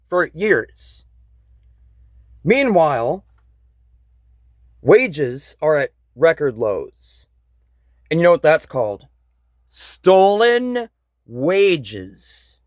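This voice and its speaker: Slow-talking, angry man ranting. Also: fairly high pitch, no echo. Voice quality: blunt, frequent swearing, bitter. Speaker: vlogger. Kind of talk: angry political rant.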